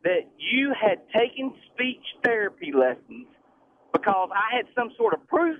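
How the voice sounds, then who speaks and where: A man's voice: high voice, sing-song, measured pace. A man calling in to a radio talk show who argues defensively and keeps repeating himself as he tries to get a word in. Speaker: caller. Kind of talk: heated call-in argument. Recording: tinny phone line with faint noise.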